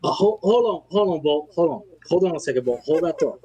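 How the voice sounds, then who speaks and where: A man's voice: on the high side, lively intonation, fast talker, a little mellow, rough recording. A man co-hosting a livestream, casually talking and pushily calling on viewers to hit the like button. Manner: pushy, calls for likes. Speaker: co-host.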